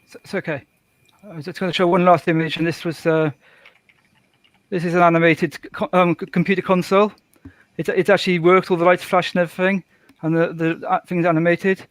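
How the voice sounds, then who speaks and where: A man's voice: sits high, flat delivery, a little fast, dry recording. A British man chatting as a guest on a video call, hesitant and self-deprecating, often laughing. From Britain. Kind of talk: casual video call chat.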